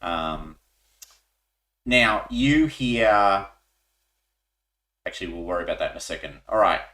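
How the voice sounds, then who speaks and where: A man running a tabletop war game as game master, explaining rules in a relaxed way with many ums. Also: low-pitched, measured pace, roomy sound, poor audio.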